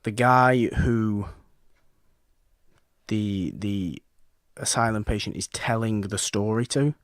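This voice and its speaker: A man with a fairly low voice chats about films on a podcast. He talks animatedly, acting out his own reactions and often restarting his sentences. The sound is dry and close, with no room around it. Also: slow pace, smooth, dry recording. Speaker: podcast co-host. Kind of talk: casual film chat.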